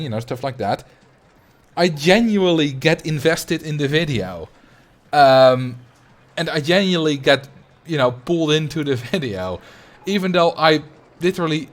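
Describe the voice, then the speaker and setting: A man with a light Dutch accent, chatting casually and animatedly to viewers on a livestream. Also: a little high. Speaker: streamer.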